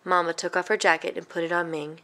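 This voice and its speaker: A woman reading a children's picture book aloud in an even, gentle storytelling manner. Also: lowish voice, quick pace. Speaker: storybook reader.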